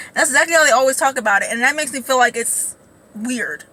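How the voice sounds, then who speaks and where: A woman ranting casually as a commentator, blunt, profane and animated. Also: high voice, fast talker, poor audio. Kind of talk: casual reaction rant.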